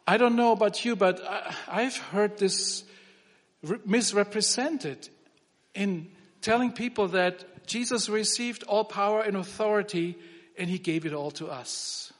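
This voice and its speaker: A man preaching a sermon in a relaxed, conversational way, often restarting his phrases. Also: high-pitched, measured pace. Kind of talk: sermon with humor. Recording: long reverb of a hall.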